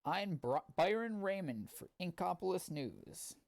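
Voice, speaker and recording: Guy doing a jumpy tv news reporter, pitched way up, tripping over the lines. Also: sing-song, unhurried, vocal fry, dry recording, full character voice. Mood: breathless. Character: excitable male news reporter.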